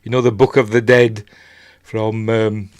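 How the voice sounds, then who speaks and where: A man's voice: lowish voice, little pitch movement, measured pace, a little mellow, smooth, no room sound. A middle-aged man with a Yorkshire accent hosts a live movie show in rambling, self-mocking casual chat, talking into a desk mic. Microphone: desk mic, level being adjusted.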